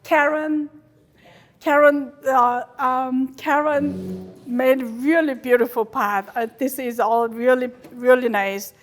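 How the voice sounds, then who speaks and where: Korean-accented woman, high and lively. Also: slow. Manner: chatty, animated, non-native grammar. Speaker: guest lecturer. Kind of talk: lecture with slides.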